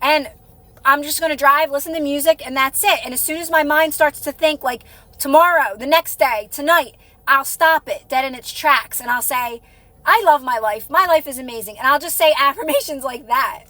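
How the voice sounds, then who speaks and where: A woman's voice: high voice, normal speed, pushed and bright, no echo. A woman hosting a live stream, chatting casually and encouragingly with her viewers, rambling and restarting her sentences.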